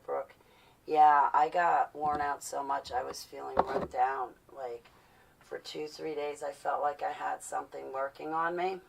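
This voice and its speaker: Low, gravelly woman chatting on a livestream. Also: far from the mic. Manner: chatty, rambling, animated storytelling. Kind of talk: casual livestream chat. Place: at home.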